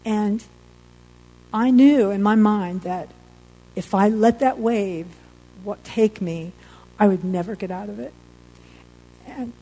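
A woman telling her personal faith testimony about surviving an accident, earnest and halting, sometimes emotional. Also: medium pitch, dark tone, low-quality recording.

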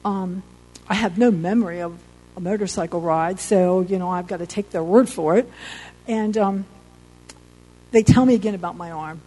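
A woman telling her personal faith testimony about surviving an accident, earnest and halting, sometimes emotional. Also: on the low side, warm tone, rough recording.

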